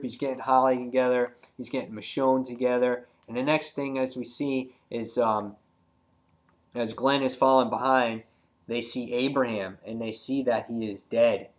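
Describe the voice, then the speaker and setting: A man reviewing a comic book in casual talk, retelling scenes excitedly with many fillers and acting out the characters' lines. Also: medium pitch. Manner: loose and rambling, many fillers.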